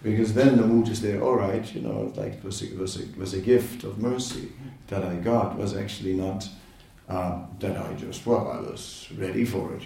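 A man giving an informal spiritual lecture, talking in a conversational, halting way with many fillers and laughing asides. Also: lowish voice, fairly even intonation, vocal fry, warm tone, far from the mic. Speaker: spiritual teacher. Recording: echoey room, voice from off-mic.

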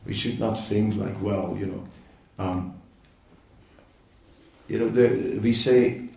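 A man giving an informal spiritual lecture, talking in a conversational, halting way with many fillers and laughing asides. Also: lowish voice, steady tone, gravelly, mellow, far from the mic. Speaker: spiritual teacher. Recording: echoey room, voice from off-mic.

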